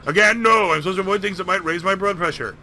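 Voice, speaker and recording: A man's voice: high voice, fast, pushed and bright, faint music behind, voice pushed up. A man voicing a grumpy, overweight banker who wants to be left alone. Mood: grumbling. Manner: grumbling, curt. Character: grumpy overweight male banker, lazy and irritable.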